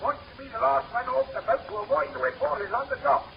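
An actor playing a deferential, nosy ship steward who keeps saying sir, in 1930s radio comedy. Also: male voice, very high-pitched, quick pace, creaky, slight background noise, exaggerated voice. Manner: deferential, says sir constantly. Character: servile, nosy young male ship steward. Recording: distant, muffled 1930s radio recording.

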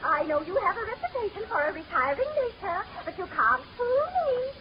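An actress playing a gushing, starstruck rich society matron with a fluttery manner, in 1930s radio comedy. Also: female voice, very high voice, big pitch swings, brisk, muffled recording. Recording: scratchy, very hissy 1930s radio recording.

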